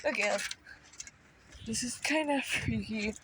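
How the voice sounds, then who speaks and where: A young woman vlogs a nature walk into a handheld phone, her voice a little high, slow, and a bit bright on a low-quality recording. Slightly out of breath, she's playful and chatty, exclaiming at what she sees as faint outdoor noise plays behind her.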